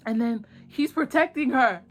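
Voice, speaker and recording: A young woman casually retelling a drama plot in slangy, excitable talk, acting out lines in quick voices. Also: high-pitched. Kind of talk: casual animated storytelling.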